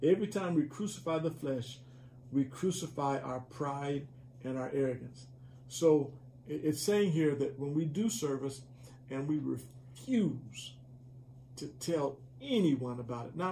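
A man teaches a church Bible study with a gravelly, mellow voice pitched a little high. He preaches conversationally, repeating and restarting his phrases, with a faint hum behind him.

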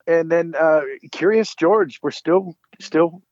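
A man's voice: on the high side, slow pace, darkish tone, no room sound. An older man, a voice actor guest, chatting casually and telling playful stories. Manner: playful storyteller, slips into character voices. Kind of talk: casual interview chat. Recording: dry, dull lo-fi remote audio.

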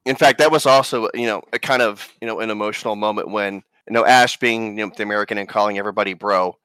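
A man appearing as a guest on a casual podcast, easygoing and a bit hesitant, filling pauses with "you know". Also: fairly low pitch, steady tone, fairly bright tone, smooth, no room sound. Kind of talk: casual chat.

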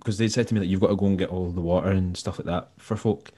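A Scottish man, a musician and tour manager, telling stories in a relaxed, rambling way and acting out the people he quotes. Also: deep voice, fast talker, husky. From Scotland. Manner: rambling, laid-back, acts out quoted dialogue. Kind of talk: casual storytelling interview.

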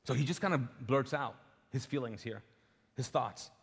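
A man's voice: medium pitch, normal speed, creaky, breathy edge. A male pastor preaching a casual, humorous sermon to a live congregation, acting out scripture dialogue and often repeating words as he goes. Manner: frequent word repeats and restarts. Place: church auditorium before a live congregation. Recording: long reverb of a church hall.

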